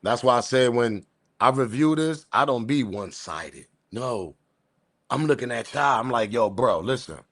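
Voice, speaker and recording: Man, live-stream host, casual slangy commentary, rambling, animated. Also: medium pitch, a little slow, no echo, studio quality.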